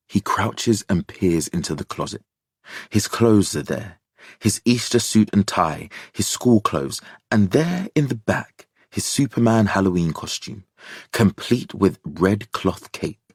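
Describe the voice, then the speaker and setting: Deep husky male audiobook narrator. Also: animated, measured pace, darkish tone, no room sound, clean studio sound.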